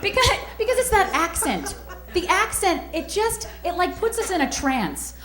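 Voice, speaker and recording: High, lively woman doing stand-up. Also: normal speed, echoey room, a crowd in the background. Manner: sly, teasing delivery with punchlines. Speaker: stand-up comedian. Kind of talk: stand-up routine.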